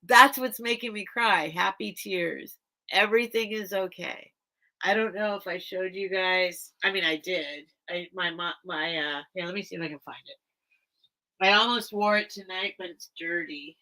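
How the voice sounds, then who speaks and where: A woman's voice: fairly low pitch, unhurried, bright, forceful tone, rough recording. A woman hosting a live vintage sale stream, chatting casually and emotionally with her viewers while tearful. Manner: rambling and emotional, talks straight to her viewers. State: teary.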